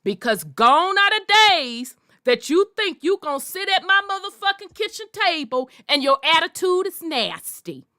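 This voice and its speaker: A woman hosting a podcast, delivering a forceful, profanity-laced monologue in a preachy way. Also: very high-pitched, very animated, moderate pace, hardly any pauses, dry recording, clean studio sound. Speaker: podcast host.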